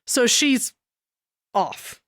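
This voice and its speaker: A woman's voice: very slow, a bit bright, no echo. A woman co-hosting a podcast, chatting casually and joking dryly about a comic book. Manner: dry, joking, talks over her co-host. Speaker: podcast co-host.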